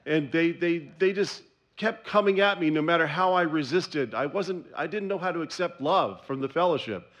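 A man's voice: fairly high pitch, moderate pace, fairly bright tone. A man candidly sharing his personal recovery story at a meeting, telling it in a self-deprecating way.

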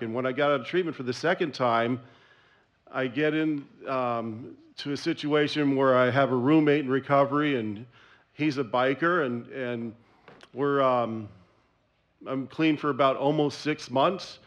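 A man's voice: mid-range voice, unhurried, highs cut off. A man candidly sharing his personal recovery story at a meeting, telling it in a self-deprecating way.

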